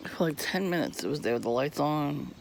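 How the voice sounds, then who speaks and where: A man ranting casually outdoors on a residential street, profane and irritated, coughing and clearing his throat from asthma while he laughs often. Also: fairly high pitch, animated, a little fast, slight background noise. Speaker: vlogger. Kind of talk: rambling casual monologue.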